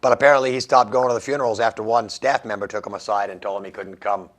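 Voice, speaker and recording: A radio host with a lowish, steady voice talks fast as he reads out strange news stories. He cracks wry jokes about them and laughs at his own lines, in a casual, comedic commentary style.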